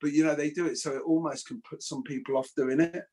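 Guy, kinda husky, rambly animated storyteller, swears a bit. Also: a little high, fast talker. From England. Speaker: martial arts instructor. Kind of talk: casual podcast chat.

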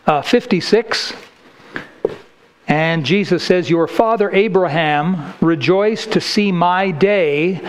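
Man preaching hard, kinda high voice, punchy, reads verses out loud in church. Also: low-quality recording. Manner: emphatic, combative preaching with scripture readings. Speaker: pastor. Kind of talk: sermon.

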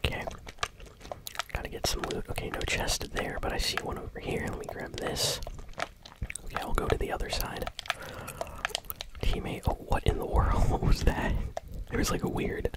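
Soft whispering gum-chewing gameplay host. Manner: chewing bubblegum while talking; relaxed, unhurried, with small hesitations. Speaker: gaming channel host. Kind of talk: whispered ASMR gameplay commentary.

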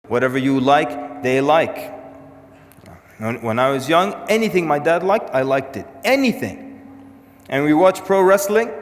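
A man in his thirties giving a conference lecture, telling stories with jokey asides and dropping in Arabic terms. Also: a little high. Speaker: speaker at an Islamic conference. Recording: echoey lecture hall.

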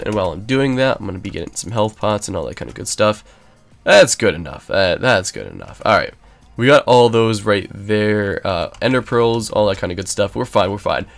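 A young man giving casual, rambling gameplay commentary, excitable and prone to sudden yelps. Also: on the low side. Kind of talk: casual let's-play commentary.

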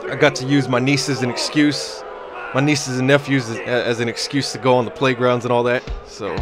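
A young man commentating his gameplay, telling stories in a crude, rambling, joking way. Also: medium pitch. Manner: crude, rambling, joking storytelling with frequent laughs. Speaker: gaming YouTuber. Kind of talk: let's play commentary. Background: game music.

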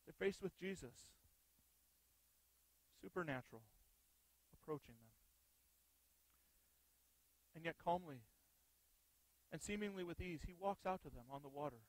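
A man's voice: on the high side, lively intonation, measured pace, pauses often, dry recording, low-quality recording. A male pastor preaching an earnest sermon, often putting rhetorical questions to the congregation.

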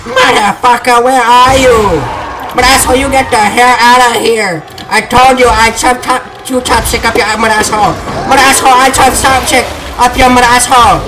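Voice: medium pitch, fairly even intonation, a little fast, noisy background, natural voice. A gamer doing a comic impression of a famous male action-movie star, trash-talking in broken, put-on accented English.

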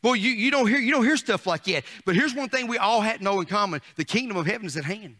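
Middle-aged man as a preacher, sharp and bright, fiery sermon full of questions to the pews. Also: high-pitched, animated, fast. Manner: swings from shouted declarations to soft asides. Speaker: pastor.

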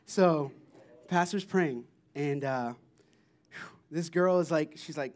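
A man sharing mission trip testimonies at a church, telling the stories in an excited, animated way, often laughing. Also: fairly high pitch, measured pace, pauses often. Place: church service.

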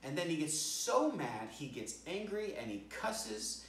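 A man's voice: on the high side, lively intonation, a little slow, hardly any pauses, a bit bright, slight background noise. An American man preaching a storytelling sermon as a pastor, stumbling and repeating words as he acts out the voices in the story. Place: church sanctuary. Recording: roomy church audio, speaker distant from mic.

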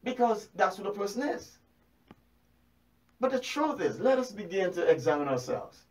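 A man with a high voice preaches a sermon, firing rhetorical questions at his listeners and repeating key phrases to drive them home. His delivery is animated. The mic sits some way off, so he sounds distant. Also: normal speed.

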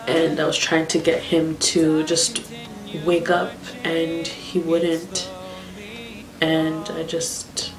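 A woman vlogger telling a painful personal story in a halting, tearful way, holding back tears. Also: on the low side. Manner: halting, tearful, many fillers and restarts. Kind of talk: emotional storytime monologue. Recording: roomy echo with faint background music.

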